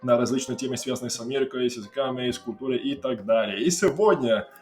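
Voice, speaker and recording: An American man hosting a relaxed conversation, laughing often as he talks. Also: medium pitch, very fast, echoey room, soft background music. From USA. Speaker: host. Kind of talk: casual chat.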